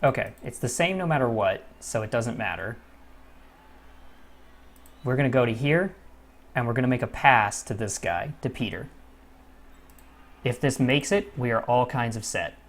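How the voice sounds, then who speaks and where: A man giving casual let's-play commentary as a gaming channel host, swearing freely and moving from low muttering to frustrated outbursts. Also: animated, normal speed, pauses often.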